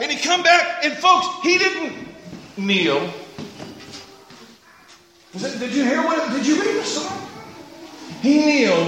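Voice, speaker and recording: A man preaching a sermon as pastor, moving from quiet storytelling to loud shouted exclamations. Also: extremely high pitch, big pitch swings, unhurried, pauses often. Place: church sanctuary. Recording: echoey church room.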